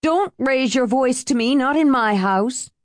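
A woman's voice: mid-range voice, sing-song, unhurried, a little mellow, no echo, studio quality, pitched above the performer's own voice. A woman voicing a prim, tightly wound middle-aged woman who is defensive and scolding, in an audiobook reading. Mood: indignant.

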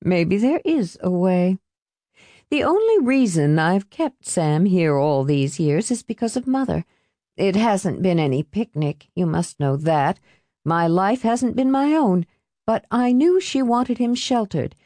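A woman's voice: mid-range voice, animated, unhurried, warm tone, no echo, natural voice. A woman voicing a prim, tightly wound middle-aged woman who is defensive and scolding, in an audiobook reading. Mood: pleading.

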